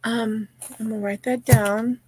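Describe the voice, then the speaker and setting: A woman's voice: on the high side, little pitch movement, a little slow, a little mellow, slight background noise. A woman hosting a casual livestream, chatting while she crochets and reading out viewer comments with lots of "you know" fillers. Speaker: livestream host.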